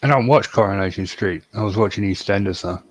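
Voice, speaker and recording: A man's voice: on the low side, quick pace. A man co-hosting a podcast in casual banter, teasing his partner and telling stories. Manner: teasing, storytelling. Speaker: podcast co-host.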